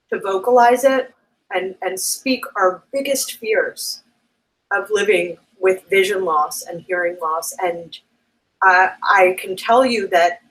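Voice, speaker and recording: Woman interviewer, video call, gentle and reassuring, tearful at times. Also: mid-range voice, low-quality recording.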